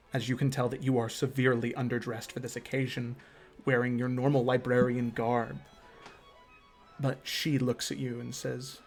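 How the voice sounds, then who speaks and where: A man's voice: medium pitch, darkish tone. A man narrating a tabletop fantasy game as game master, describing scenes with hesitant restarts. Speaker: dungeon master.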